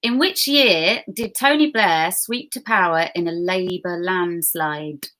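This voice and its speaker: Lady hosting a pub quiz, bright clear voice, chatty and giggly, says hi to everyone. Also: fairly low pitch, slow pace. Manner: chatty, giggly, greets viewers by name between questions. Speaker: quiz host.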